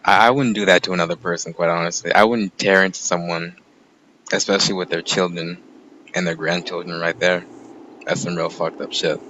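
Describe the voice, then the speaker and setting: A man's voice: deep voice, fairly even intonation, brisk, pushed and bright, lo-fi sound, a little hiss or hum. A man hosting a podcast, telling a rambling, profane story in casual chat. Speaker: podcast host.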